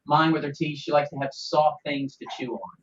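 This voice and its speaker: Male podcast co-host, slightly high voice, chatty rambling storyteller, recorded off-mic and dull. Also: normal speed. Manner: lively, rambling storyteller with many restarts. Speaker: podcast co-host for an animal shelter. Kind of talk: casual podcast chat. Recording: distant, dull mic with faint ambience.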